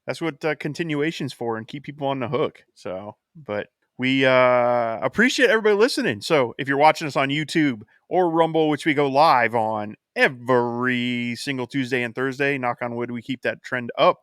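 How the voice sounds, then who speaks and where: A man co-hosting a podcast, thanking listeners in a relaxed, casual way. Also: medium pitch, moderate pace, hardly any pauses, no room sound, clean studio sound. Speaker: podcast co-host. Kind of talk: casual chat.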